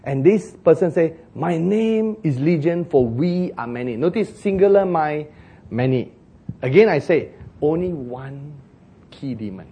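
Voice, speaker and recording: A man preaching a sermon, telling a story with jokes, acted shouts and laughter. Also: a little high, husky.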